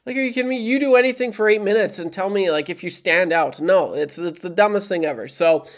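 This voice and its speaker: A man's voice: high voice, fast. A young man from Canada, a hockey vlogger and radio producer, ranting casually to camera with frustration and lots of repetition. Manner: animated, repeats himself, frustrated. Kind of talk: casual heated rant to camera.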